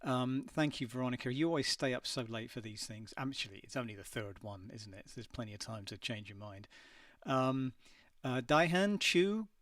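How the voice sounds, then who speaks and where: A man's voice: mid-range voice, expressive, normal speed, a bit bright, dry recording, recorded from a distance. A middle-aged man from England hosting a casual livestream from his home studio, greeting viewers and reading their messages with lots of ums. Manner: chatty, hesitant, many ums. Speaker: singer hosting a live stream.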